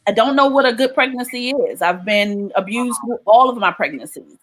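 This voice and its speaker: A woman from Maryland giving an emotional personal testimony of her faith, often pausing with "um" and "right?". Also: fairly high pitch, expressive, fairly bright tone, poor audio. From Maryland, USA. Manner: emotional storytelling with frequent "um" and "right?".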